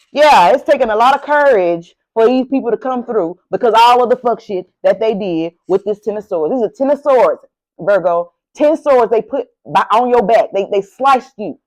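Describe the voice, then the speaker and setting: A woman's voice: on the high side, expressive, moderate pace, a little mellow, low-quality recording. A woman doing a casual tarot reading to camera, sassy and profane, talking straight to the viewer with lots of animation. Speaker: tarot reader. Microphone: camera mic, speaking to camera.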